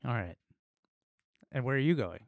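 A man's voice: mid-range voice, lively intonation, normal speed, no echo, studio quality. A man co-hosting a podcast, teasing his friend playfully with bursts of laughter. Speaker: podcast co-host. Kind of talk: casual comedic chat.

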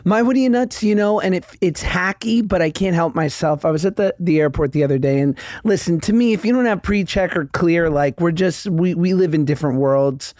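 A podcast host telling funny stories in casual chat, quick to laugh. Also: mid-range voice, darkish tone, no echo, studio quality. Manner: chatty storyteller, laughing easily.

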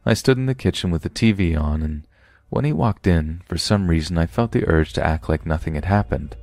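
A man, the host of a podcast, reading a scary true story aloud with steady, measured delivery. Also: deep voice, vocal fry, no echo. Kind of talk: horror story narration.

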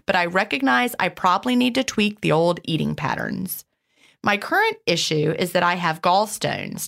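A woman co-hosting a podcast, chatting in an animated way with many "you know" fillers and reading out listener questions. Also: fairly low pitch, creaky. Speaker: podcast co-host.

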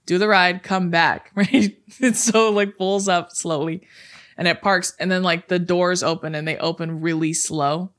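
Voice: mid-range voice, steady tone, measured pace, fairly bright tone. A podcast co-host telling a story in casual chat, rambling with lots of fillers and frequent swearing.

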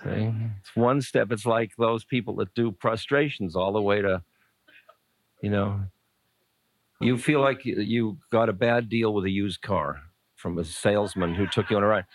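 A man's voice: lowish voice, moderate pace, no echo. A man in his sixties giving a live dharma talk, answering audience questions in a conversational, playful, searching way with chuckles and asides. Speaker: spiritual teacher. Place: lecture room with a live audience.

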